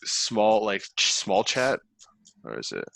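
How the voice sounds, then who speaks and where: A man with a very deep voice whose pitch still swings widely, recorded dry and close. He speaks haltingly in a casual book club chat, searching for the right words. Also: very animated, creaky, fairly bright tone, dry recording.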